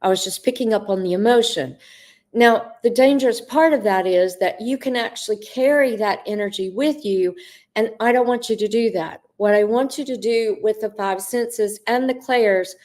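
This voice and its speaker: A woman's voice: on the high side, moderate pace, darkish tone. Middle-aged woman answering viewer questions live, earnest, stretches words out for emphasis, calls people by name. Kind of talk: live Q&A, spiritual coaching talk.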